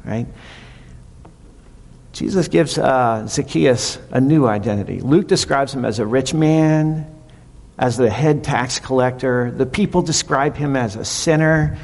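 Gravelly male pastor in a reverberant hall. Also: medium pitch, measured pace. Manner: conversational preaching, animated retelling. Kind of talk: sermon.

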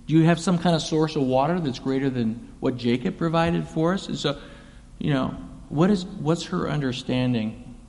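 Conversational preacher in an echoing hall. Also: male voice, on the high side, moderate pace, a little mellow. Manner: conversational, paraphrases scripture in casual voices. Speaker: pastor. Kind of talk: sermon.

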